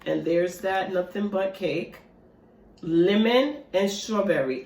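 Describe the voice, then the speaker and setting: A woman's voice: mid-range voice, slow, darkish tone. Chatty woman in a roomy space. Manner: chatty, talks straight to viewers with "y'all". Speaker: mukbang vlogger. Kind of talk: casual eating vlog chat. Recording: roomy echo.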